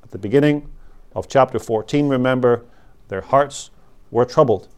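A man preaching an expository sermon, slow and emphatic, repeating key words for weight. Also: medium pitch, clean tone.

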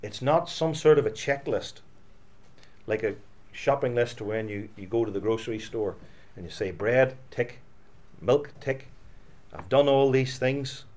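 A male pastor preaching a sermon, swinging between loud emphatic lines and quiet, low asides. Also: unhurried, pauses often.

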